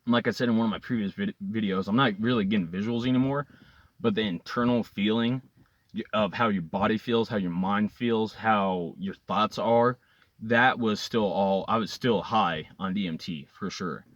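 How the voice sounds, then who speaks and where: A man's voice: on the low side, normal speed, no room sound, muffled recording. A man vlogging to his viewers, telling a long personal story in an earnest, rambling way with lots of fillers and repeated words. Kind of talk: casual storytelling to camera.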